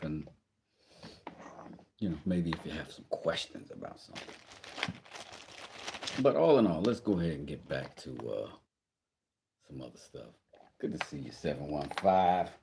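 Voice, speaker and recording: In his workshop, a man chats casually on a livestream while doing woodworking, joking and greeting viewers. His voice is extremely low, and there's background noise.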